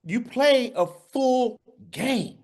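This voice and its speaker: Brief: very high-pitched, lively male co-host, playful and slangy. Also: extremely slow. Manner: playful, laughing, slangy banter. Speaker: sports talk show co-host. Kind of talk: casual sports debate.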